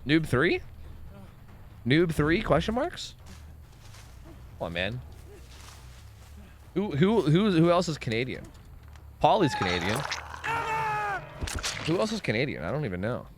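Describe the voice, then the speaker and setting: A man's voice: a little high, big pitch swings, a little slow, long pauses, a little hiss or hum. A young man streaming a game, chatting casually and swearing a lot as he reacts and answers his chat. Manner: chatty, swearing, lots of "like" and restarts. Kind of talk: casual gameplay commentary.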